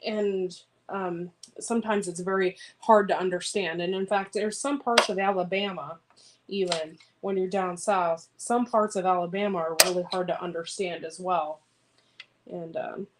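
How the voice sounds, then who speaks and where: A woman chatting casually on a homesteading vlog, rambling and answering viewer comments while she cuts beans in her home kitchen. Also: fairly low pitch. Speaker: homesteading vlogger. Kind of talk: casual livestream chat. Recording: clear background noise with clicks.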